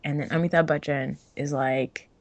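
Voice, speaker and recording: A woman's voice: deep voice, fairly even intonation, normal speed. A young woman co-hosting a podcast in casual chat, giggly and full of fillers. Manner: chatty and giggly, many fillers. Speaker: podcast co-host.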